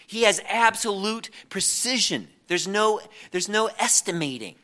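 A man's voice: sits high, animated, a little slow, bright, forceful tone. A man preaching a sermon, reading scripture aloud and often restarting on repeated words.

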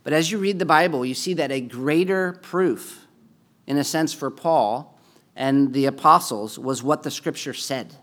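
A man's voice: mid-range voice, unhurried, a bit bright. A man preaching a sermon to his congregation in a conversational way, rising in force on key points. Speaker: pastor.

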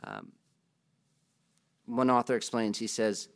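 A man's voice: mid-range voice, wildly swooping pitch, slow, creaky. A man preaching a sermon as pastor, in a conversational way, asking the congregation questions and adding joking asides.

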